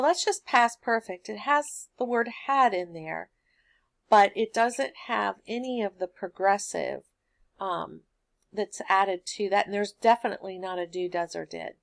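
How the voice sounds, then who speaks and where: A woman teacher giving a recorded grammar lesson, explaining answers in a patient, steady way. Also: mid-range voice.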